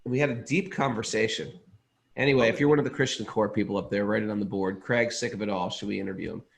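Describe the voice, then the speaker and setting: Excitable New man rambling. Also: fairly low pitch, quick pace, gravelly. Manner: enthusiastic, rambling, self-interrupting. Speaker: podcast co-host. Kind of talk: casual chat.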